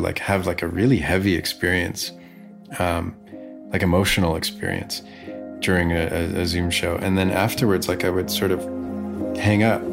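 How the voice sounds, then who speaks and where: A man with a low voice and a gravelly, fry-laden edge speaks in casual conversation. He tells his story with lively energy, tumbling through restarts and fillers. Soft music plays faintly in the background. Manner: animated, talks fast with many fillers and restarts.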